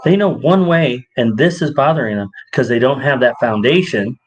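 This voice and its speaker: A young adult man co-hosting a podcast in casual chat, an animated storyteller who acts out quoted exchanges. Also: medium pitch, normal speed, highs cut off. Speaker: podcast co-host.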